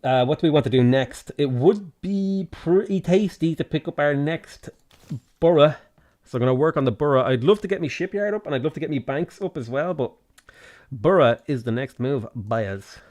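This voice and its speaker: A man's voice: fairly high pitch, expressive, moderate pace, darkish tone. A man with a Dublin Irish accent, streaming a strategy game and chatting in jokey, rambling banter with some swearing. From Ireland (Dublin). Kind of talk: casual gameplay livestream commentary.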